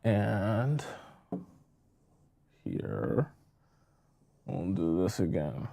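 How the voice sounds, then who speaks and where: A man's voice: low-pitched, huge pitch swings, very slow, creaky, dark tone, a little hiss or hum. Emphatic man giving dating advice. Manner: emphatic, repeats phrases for stress, scolding. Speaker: dating coach. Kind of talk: live-stream relationship advice.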